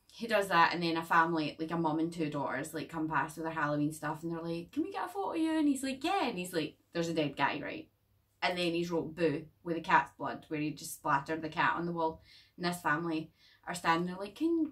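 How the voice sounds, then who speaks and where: A woman casually reviewing a horror movie in a chatty, animated way, swearing freely. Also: fairly low pitch, distant mic.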